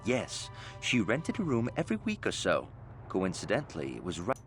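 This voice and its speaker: A man's voice: fairly low pitch, huge pitch swings, moderate pace. An actor playing a wary, streetwise male witness in a video game, guarded and reluctant to say more. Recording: game audio with faint music.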